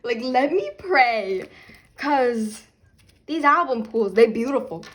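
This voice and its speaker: A young woman filming an unboxing vlog, talking loudly and dramatically, laughing and half-crying over what she gets. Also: on the high side, lively intonation, slow. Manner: loud, chaotic, dramatic reactions with laughing and fake crying. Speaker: vlogger unboxing albums.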